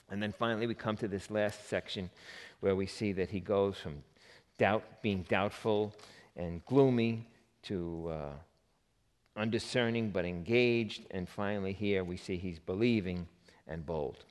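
A man preaching a sermon who jokes with his listeners and acts out the voices of the people in his story. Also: fairly low pitch. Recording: long reverb of a hall.

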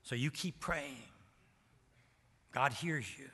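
A man's voice: medium pitch, slow, bright, forceful tone, slightly rough. A man in his seventies, a pastor from Maryland, preaching a sermon and telling stories that act out the dialogue. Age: 70s. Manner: storytelling, acts out quoted dialogue. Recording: long church hall reverb.

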